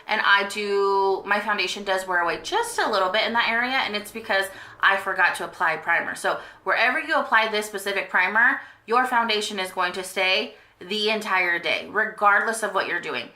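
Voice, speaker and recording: Young woman beauty vlogger, bright and gushing, chatty with lots of fillers, echoey home room. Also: mid-range voice, brisk, few pauses. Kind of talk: casual monthly favorites chat.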